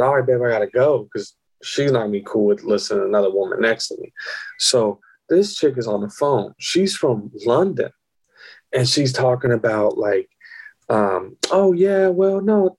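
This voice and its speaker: A man casually telling a rambling, profane story, his pitch leaping up whenever he quotes someone. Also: slightly rough, poor audio. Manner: animated, profane, jumps high in pitch for quoted voices.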